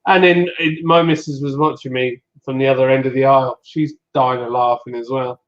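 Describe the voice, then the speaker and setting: A man hosting a podcast, telling stories casually and acting out the people he quotes. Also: brisk. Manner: animated, acts out quotes in a higher voice. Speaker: podcast host. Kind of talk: casual chat, storytelling. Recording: dull lo-fi audio.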